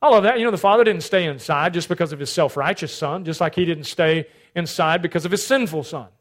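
A male pastor preaching a sermon, swinging between loud emphatic lines and hushed asides. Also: on the high side, a little fast.

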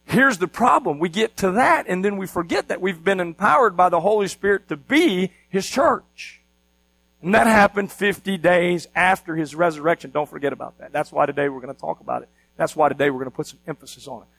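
A man's voice: high-pitched, brisk, creaky, fairly bright tone, no room sound, rough recording. A man preaching a sermon as pastor, teaching with energy and often asking the congregation questions.

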